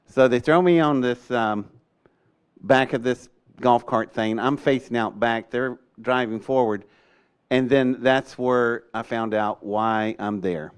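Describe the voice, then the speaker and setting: An older man, telling a story in an animated way and acting out the voices in his quotes. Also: mid-range voice, takes it slowly, smooth. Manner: acts out voices in quotes, excitable, laughs often. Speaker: storyteller recounting an experience.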